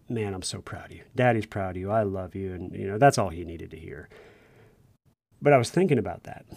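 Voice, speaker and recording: Speaking to first responders, a man tells a personal story in a casual, folksy, earnest monologue, stumbling and restarting along the way. His somewhat low voice has vocal fry and a slightly mellow quality. The recording is dry and close, with no room echo.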